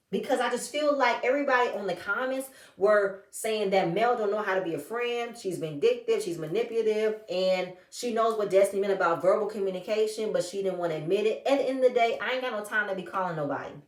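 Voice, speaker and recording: A woman giving a sassy, animated recap of a reality show and acting out what the cast said. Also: mid-range voice, fast talker, hardly any pauses, recorded from a distance. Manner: animated, sassy, acts out the cast's quotes. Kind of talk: casual recap chat. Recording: echoey room, a bit off-mic.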